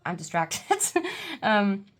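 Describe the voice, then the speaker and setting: A woman giving a casual pick-a-card tarot reading at home, halting and full of fillers, with blunt irritated outbursts. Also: medium pitch, sing-song. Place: home, seated.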